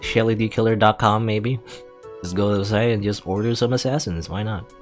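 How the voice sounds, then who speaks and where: A man's voice: fairly low pitch, fairly even intonation, brisk, soft background music. A young man casually commenting while playing a story game, rambling and hesitant, often trailing off with "I don't know.". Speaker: let's play host.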